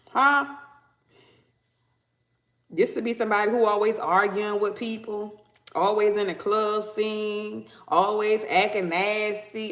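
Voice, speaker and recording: Female tarot reader, animated and playful, echoey room. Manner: animated, bursts into high mock voices and laughter. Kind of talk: casual tarot reading.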